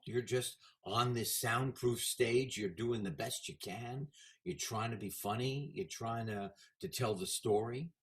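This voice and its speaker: A man in his seventies, a guest in a casual interview, telling animated stories about his career. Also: medium pitch. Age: 70s. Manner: animated anecdotal storyteller.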